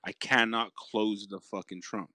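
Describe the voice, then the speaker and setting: A man's voice: fairly low pitch, level tone, a little slow, bright, forceful tone, no echo. A man co-hosting a casual podcast, telling a profane story full of restarts, laughs and swearing. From Los Angeles. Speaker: podcast co-host. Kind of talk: casual chat.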